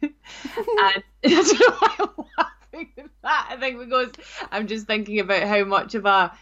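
A woman's voice: on the high side, moderate pace, a bit bright, lo-fi sound. A woman with a Scottish accent, co-hosting a podcast in casual, playful chat full of asides. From Scotland. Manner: chatty and giggly, with playful asides. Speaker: podcast co-host.

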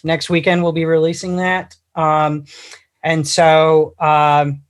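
A man's voice: on the high side, completely flat delivery, slow pace. A man talking as a guest on a casual livestream chat, rambling with lots of fillers and restarts. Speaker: guest on a fan podcast.

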